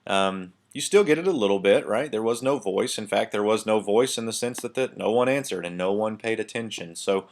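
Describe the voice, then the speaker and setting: A man giving a casual recorded lesson on a Bible passage, thinking aloud with many pauses, fillers and restarts. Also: lowish voice. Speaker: Bible teacher. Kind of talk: screen-share lecture on Hebrew text.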